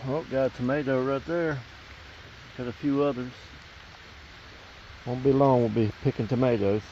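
A man's voice: mid-range voice, fairly even intonation, moderate pace, slight background noise. A man, chatting casually to viewers in a rambling, folksy way while filming outdoors by a pond. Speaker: vlogger. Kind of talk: casual outdoor vlog narration. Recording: dull lo-fi outdoor camera audio.

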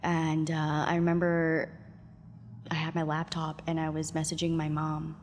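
A woman's voice: low-pitched, monotone, moderate pace, a little mellow. A woman from Canada in her thirties, telling her story as a guest in casual talk, swearing freely and acting out other people's voices. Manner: swears a lot, laughs often, acts out voices in her story. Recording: echoey room with long reverb and faint noise.

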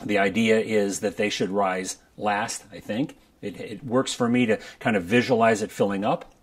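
A man teaching a breath-control exercise for brass players in a relaxed, conversational way, often checking in with the listener. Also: on the low side, normal speed, husky. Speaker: trombone coach. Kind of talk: instructional video talk. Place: his studio.

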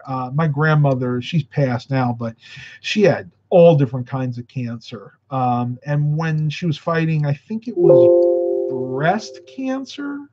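A man chatting casually on a live stream, answering viewer comments in a rambling way, tired and a little winded. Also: a little high. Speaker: vlogger answering live chat. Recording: muffled lo-fi audio.

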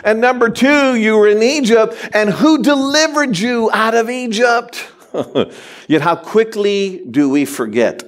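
A man preaching a sermon as pastor, animated and humorous, addressing the congregation directly. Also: high voice, measured pace. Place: church sanctuary.

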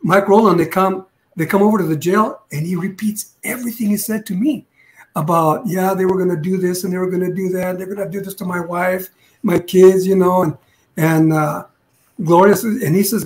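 High-voiced older man telling a story. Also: steady tone, moderate pace. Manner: rambling, restarts, acts out quotes. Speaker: retired police detective. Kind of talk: casual storytelling interview.

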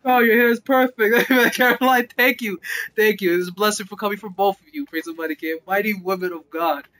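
A man's voice: high-pitched, a little fast, pushed and bright, a little hiss or hum, low-quality recording. A man hosting a casual gaming livestream, reading chat aloud, laughing often and blessing viewers in churchy phrases.

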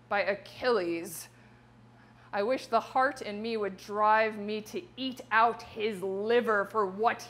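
A furious, grief-struck queen mother cries out and scolds in a raised, strained voice, as a woman storyteller puts her on. Her words come bitter and raw, pitched a little high, with long stretches of loud protest.

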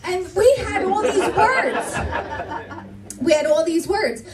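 A young woman performing a stand-up comedy set, animated and slipping into quick impressions of her family. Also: very high-pitched, distant mic, a loud crowd, poor audio. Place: comedy club stage.

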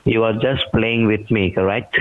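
A man's voice: fairly low pitch, steady tone, normal speed, over a noisy crowd. A man with an Indian accent on a phone call, pushy and pleading, calling the listener ma'am over and over. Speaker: phone scammer. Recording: tinny phone line.

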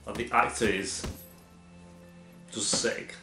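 A man's voice: lowish voice, steady tone, pushed and bright, roomy sound, faint music behind. A man hosting a TV reaction, chatting casually and mocking what he watches. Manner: sarcastic, chatty, quick to mock. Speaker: TV reaction host.

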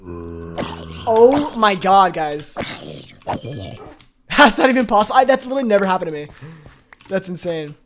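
A man streaming a game live, chatting with viewers, excitable and quick to laugh. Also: high-pitched, a little hiss or hum. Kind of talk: live gaming stream chat.

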